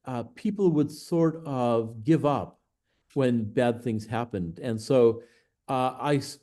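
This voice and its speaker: A man's voice: medium pitch, mellow. A man with an American accent, a professor guest on a podcast, telling stories thoughtfully with many filler sounds. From United States. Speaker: guest, professor of Buddhist studies. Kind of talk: conversational storytelling.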